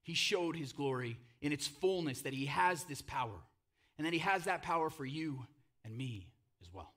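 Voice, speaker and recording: A male pastor preaching a sermon, telling the story dramatically, dropping to a hush and then booming out names, with casual joking asides. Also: expressive, moderate pace.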